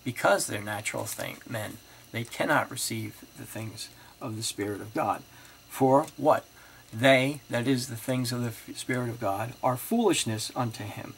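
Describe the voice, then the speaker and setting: Young man with a gravelly voice, earnest scripture explainer, stresses key words, pauses on fillers, faint ambience behind. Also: mid-range voice, fairly bright tone, a little hiss or hum, poor audio. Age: young adult. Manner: earnest, slows to stress scripture words, checks in with "okay?" and "right?"; hesitant fillers and restarts between readings. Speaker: video commentator responding to a pastor. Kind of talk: reading and explaining scripture verse by verse.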